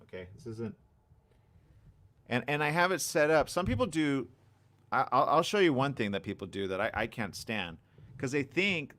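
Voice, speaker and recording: A man hosting a casual live stream on a desk mic, reading viewer comments and chatting excitably. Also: mid-range voice, normal speed. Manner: animated, excitable, reads viewer comments aloud. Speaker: livestream host. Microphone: desk condenser mic.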